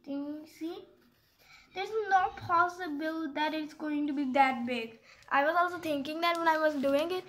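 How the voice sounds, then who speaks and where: A woman's voice: high voice, moderate pace, a bit bright, slight background noise. A woman explaining a geometry exercise step by step in a casual, rambling way, often stopping to correct herself and apologize. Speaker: math tutorial maker.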